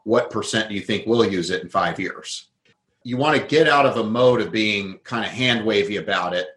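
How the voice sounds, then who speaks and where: A man's voice: fairly low pitch, a bit bright, echoey room, rough recording. A man giving a conversational interview, thoughtfully explaining his ideas through worked examples. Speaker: guest.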